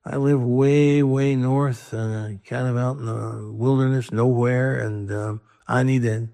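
A man's voice: medium pitch, steady tone, slow pace, creaky, warm tone. A man voicing a naive, bewildered backwoods mountain man in a joke, talking hesitantly.

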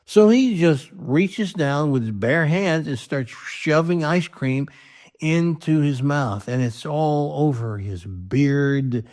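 A man's voice: a little high, expressive, slow pace, darkish tone. A man telling a long joke in a loose, rambling way, restarting his sentences and voicing his characters as he goes. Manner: rambling, with restarts and quoted voices. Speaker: joke teller.

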